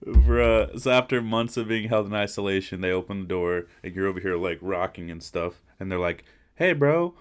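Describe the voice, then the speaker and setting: A man's voice: deep voice, flat delivery, fairly quick, hardly any pauses. A man hosting a podcast, giving a casual, slangy, rambling reaction to a video. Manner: laid-back, rambling, slangy.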